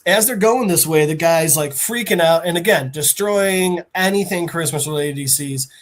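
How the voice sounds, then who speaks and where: A podcast host, a man, casually retelling a comic in an animated, rambling way with fillers. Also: on the high side, moderate pace.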